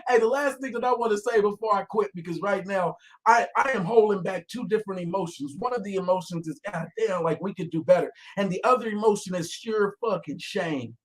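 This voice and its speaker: A man giving angry, profane commentary, often shouting, with calmer reflective stretches. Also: high-pitched, fairly quick, few pauses. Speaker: online commentator.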